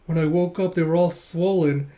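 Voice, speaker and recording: A gentle, polite young wife who speaks softly and earnestly from a manga, as a man reads her lines. Her voice is lifted a little above the reader's own, mild and sincere. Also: fairly high pitch, steady tone, normal speed, close to an everyday voice. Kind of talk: manga read-aloud.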